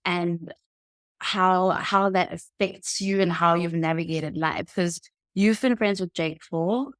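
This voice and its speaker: A woman co-hosting a casual chat, relaxed, steering the talk with quick asides. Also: fairly low pitch, no echo, clean studio sound. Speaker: podcast co-host.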